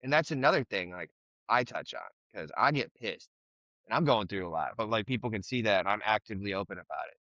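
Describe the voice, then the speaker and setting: Male podcast co-host, frank and rambling, bright voice, dull close mic. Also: fairly low pitch, expressive, a little fast, no room sound. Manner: rambling, frank, swears, many fillers. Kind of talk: casual recovery podcast chat.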